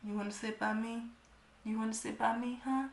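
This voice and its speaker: A woman's voice: a little high, fairly even intonation, fairly quick, creaky, darkish tone, reverberant. Woman mimicking a smug, pushy flirt. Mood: sleazy coaxing.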